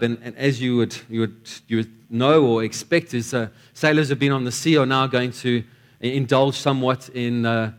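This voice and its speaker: A man's voice: mid-range voice, steady tone, moderate pace. A man preaching a sermon in a church, telling stories and often repeating words as he restarts his sentences.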